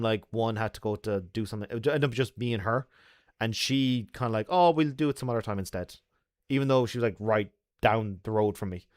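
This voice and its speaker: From a bar, an Irish man with a medium-pitched voice hosts a loose, casual chat with his viewers, joking and laughing easily as he talks. The sound is dry and close.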